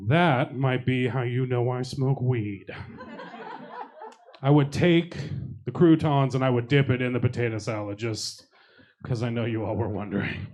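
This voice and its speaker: A man's voice: mid-range voice, fairly even intonation, a little slow, a little mellow. A young adult man doing a stand-up comedy set, telling profane, self-deprecating stories and teasing the audience. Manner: profane, self-deprecating storytelling with crowd work. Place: comedy showcase venue with live audience.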